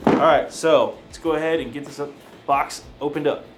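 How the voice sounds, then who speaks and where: A man's voice: on the high side, fairly even intonation, unhurried, loud music behind the voice. A man hosting an unboxing, chatting casually, chuckling and thinking aloud as he goes. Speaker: host.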